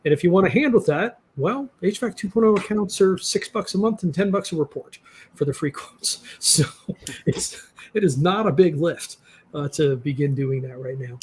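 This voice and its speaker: A man's voice: a little high, moderate pace, darkish tone, breathy edge. A man hosting a podcast, chatting loosely and upbeat with lots of fillers. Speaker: podcast host. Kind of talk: casual podcast chat.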